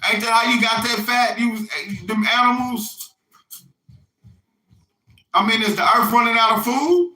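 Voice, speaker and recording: A middle-aged man talks through a loose, profane spiritual monologue, stopping over and over to ask if you hear him. His voice sits high and cuts sharp and bright. The sound bounces around an echoey room. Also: steady tone, unhurried, long pauses. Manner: rambling, profane, keeps asking "you hear me?". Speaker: self-styled religious messenger.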